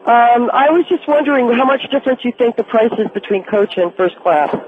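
A man voicing a patient woman caller to a radio show who explains her point calmly. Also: extremely high pitch, a little fast, voice pushed up. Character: calm, reasoning woman caller, middle-aged. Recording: tinny phone line.

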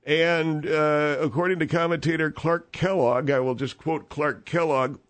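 A man's voice: a little high, fairly even intonation, a little slow, close to an everyday voice. A man playing a rambling, self-important steakhouse owner in a radio comedy monologue. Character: boastful older male steakhouse owner, rambling.

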